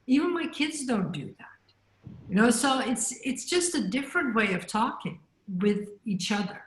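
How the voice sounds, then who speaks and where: A woman's voice: fairly high pitch, big pitch swings, normal speed. Middle-aged woman coach, chatty with fillers, echoey video call room. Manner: chatty, many fillers and restarts. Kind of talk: online panel discussion.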